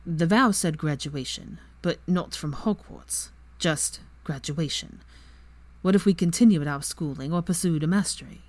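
Woman voicing a quiet, guarded young wizard. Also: unhurried, no room sound. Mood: subdued. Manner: soft, low and subdued.

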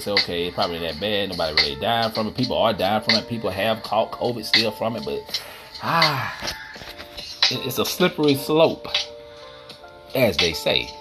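A man hosting a podcast, ranting casually and profanely while addressing listeners as y'all. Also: mid-range voice. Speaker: podcast host. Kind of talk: casual solo rant. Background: music playing.

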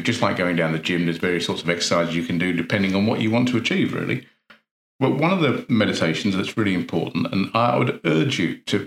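A man speaks in a lowish voice, coaching listeners through an earnest motivational talk. He leans on rhetorical questions and repeats phrases to drive his points home. His voice carries a roomy echo. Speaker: NLP practitioner and coach.

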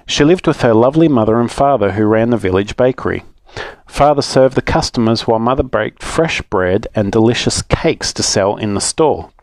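Australian dad reading a kids' story. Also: male voice, mid-range voice, lively intonation, moderate pace, darkish tone, dry recording.

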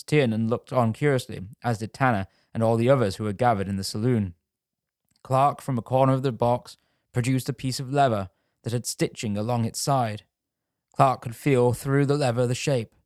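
A man reading a scripted true-crime story in a measured storytelling manner. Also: medium pitch, a little mellow, no room sound, studio quality. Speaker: narrator.

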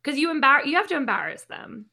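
A woman in her thirties talks on a podcast in a bright, fairly high voice. She is blunt and sweary, with plenty of fillers as she chats. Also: big pitch swings, quick pace, creaky. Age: 30s. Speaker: podcast co-host. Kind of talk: casual podcast chat.

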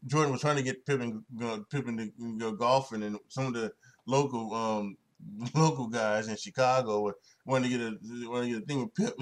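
A man's voice: mid-range voice, fairly even intonation, brisk. A young man hosting a solo sports podcast, talking in a rambling way with many restarts and fillers and frequent chuckles. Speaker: podcast host.

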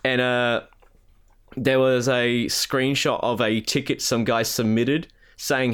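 A man's voice: mid-range voice, little pitch movement, slow pace, a bit bright, clear, resonant tone. A man co-hosting a casual gaming podcast, ranting with lots of swearing and mocking impressions. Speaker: podcast co-host.

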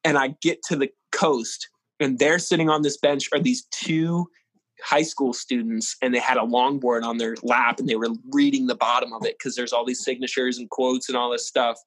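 A young man casually telling a personal story as an interview guest, in an animated way and with lots of "like". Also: mid-range voice, moderate pace, no room sound, poor audio. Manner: animated, fills speech with "like".

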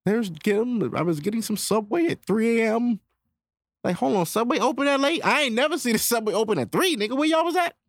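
A man's voice: very high voice, animated, fairly quick, no room sound, clean studio sound. A man hosting his own podcast, ranting casually and profanely straight to his listeners. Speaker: podcast host. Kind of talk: casual solo podcast rant.

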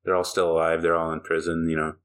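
Deep-voiced man rambling on a podcast. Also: fast talker. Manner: rambling, animated, laughs often. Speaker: podcast host. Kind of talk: casual chat.

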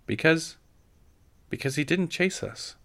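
A man's voice: a little high, expressive, a little slow, gravelly, fairly bright tone, voice pushed up, exaggerated voice. A man doing a scared young pioneer girl. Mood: earnest. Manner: breathless, urgent pleading.

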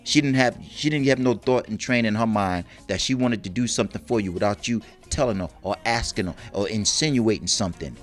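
A man's voice: fairly low pitch, a little fast, hardly any pauses, faint music behind. A man co-hosting a casual relationship talk podcast, bragging playfully and acting out little quotes. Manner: animated, bragging, acts out quotes. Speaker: podcast co-host.

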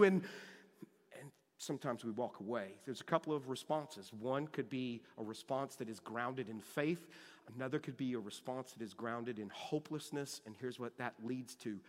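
A man preaching a sermon as pastor, impassioned, swinging between loud emphasis and hushed lows, repeating words as he goes. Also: moderate pace, long reverb tail. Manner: repeats words and restarts phrases.

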